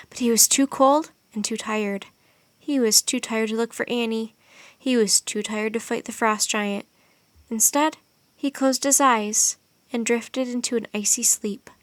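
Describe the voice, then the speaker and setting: A woman narrating a children's chapter book aloud, reading in an expressive, steady way. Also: a little high, dry recording. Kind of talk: audiobook narration.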